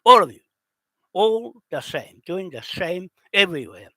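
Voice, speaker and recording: A man delivers a furious, cursing rant, hammering his listeners with rhetorical questions. His voice sits a little higher than most men's. The recording is dry and close, with no room sound. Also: dry recording. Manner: confrontational, heavily profane, rhetorical questions. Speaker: indigenous land claimant. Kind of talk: angry direct-to-camera rant.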